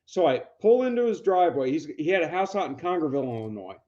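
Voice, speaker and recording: A man's voice: fairly high pitch, very animated, fast, warm tone, muffled recording. A man co-hosting a podcast who tells casual, profane stories and acts out the dialogue. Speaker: podcast co-host. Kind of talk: casual storytelling chat.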